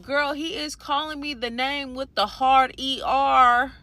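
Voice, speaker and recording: A woman telling a profane, animated story in a casual storytime rant from a parked car, speaking into a phone. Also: sits high, unhurried, no echo. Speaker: storyteller vlogger. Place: parked car in a parking garage.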